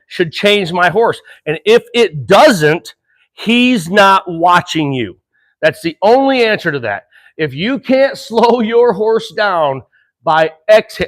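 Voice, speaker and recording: Earnest middle-aged man trainer, fairly high voice. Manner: earnest and animated, laughs between thoughts, slows to calm exhales. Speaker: horse trainer. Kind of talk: casual horse-training demonstration.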